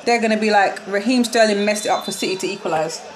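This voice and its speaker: A young woman reacting live to a football match, excitable and quick to shriek and laugh. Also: mid-range voice. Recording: loud crowd noise behind. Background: crowd noise from the match broadcast.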